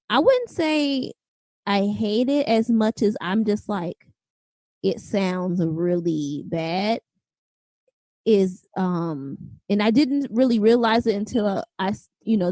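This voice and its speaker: A young woman co-hosts a laid-back podcast in a warm, mellow voice. She rambles in a friendly way, with plenty of "like" and "um". The sound is dry and close, with no room around it. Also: medium pitch, no echo. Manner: chatty, lots of fillers and 'like'. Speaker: podcast co-host. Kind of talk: casual chat.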